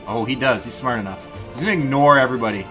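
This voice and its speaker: A man narrating a livestreamed tabletop battle as game master, in an animated, chatty way, talking directly to his viewers. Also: mid-range voice, fast talker, over music.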